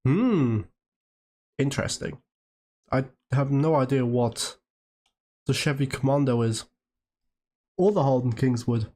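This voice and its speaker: A man's voice: medium pitch, takes it slowly, long pauses, warm tone. A man from Great Britain and Germany chatting casually on a live stream, rambling while he works and answering viewers' questions.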